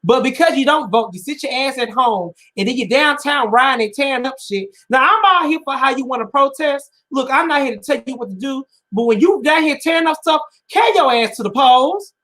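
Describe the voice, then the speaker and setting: A man's voice: very high voice, expressive, fairly quick, few pauses, bright, forceful tone. Emotional man near tears on a panel show. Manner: emotional, repeats himself, builds to raised urgency. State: close to tears. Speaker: podcast co-host. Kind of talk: impassioned panel commentary.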